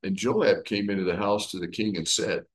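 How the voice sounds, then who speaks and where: Lower-voiced man teaching scripture. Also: moderate pace, slightly rough, rough recording. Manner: animated storytelling with everyday comparisons. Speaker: Bible teacher. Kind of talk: conversational Bible study teaching.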